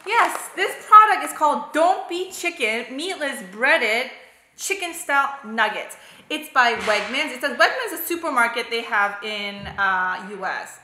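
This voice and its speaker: A woman's voice: a little high, bright, forceful tone, a little hiss or hum. A woman hosting a home cooking and mukbang vlog, chatting animatedly to the camera and laughing often. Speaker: vlogger, mukbang host. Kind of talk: casual chat to camera. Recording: echoey room.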